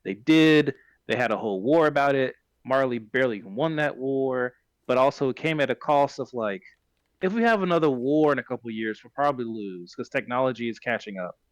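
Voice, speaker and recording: A man's voice: medium pitch, brisk, no room sound. Rambling male podcast host. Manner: rambling, self-correcting retelling. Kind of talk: casual plot recap chat.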